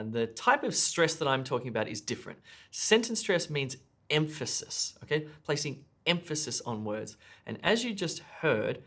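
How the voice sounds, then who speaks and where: A man teaching a speaking lesson, explaining clearly and stressing key words. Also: mid-range voice, a bit bright. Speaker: English test tutor.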